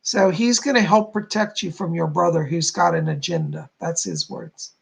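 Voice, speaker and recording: A man's voice: fairly high pitch, lively intonation, moderate pace, vocal fry, slightly rough. A man hosting a live stream, giving chatty, reassuring psychic readings and addressing viewers by name. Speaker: psychic medium, stream host.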